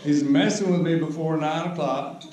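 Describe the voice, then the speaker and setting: An older man giving a humorous storytelling speech at a roast, with wry, unhurried comic timing. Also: a little high, steady tone. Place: large banquet hall. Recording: echoey hall recorded from a distance with background noise.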